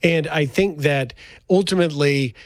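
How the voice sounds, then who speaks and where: A man with a fairly high voice talks politics in a measured, explanatory way. He sounds like a practiced reporter and quickens when he slips into asides. The recording is dry and close. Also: no echo. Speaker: co-host, former TV reporter. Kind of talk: casual political chat.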